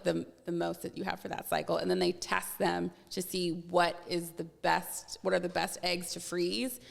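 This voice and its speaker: A woman's voice: lowish voice, creaky, big-room sound. A woman guest on a podcast, chatting candidly and acting out what others said to her, with lots of "like" fillers. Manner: animated, acts out quoted dialogue, many "like" fillers. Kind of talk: casual candid chat.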